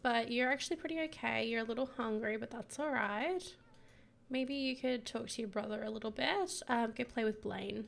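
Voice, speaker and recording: A young woman with a croaky voice giving bubbly, giggly casual commentary on her life-sim gameplay. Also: a little high, normal speed. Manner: bubbly and giggly, gushing over her characters. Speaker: gaming YouTuber.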